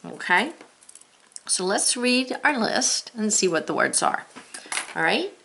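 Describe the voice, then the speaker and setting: A woman teacher leading a spelling lesson, sounding out letters and words step by step and gently talking the viewer through each task. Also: medium pitch, sing-song, slow, creaky, a little hiss or hum.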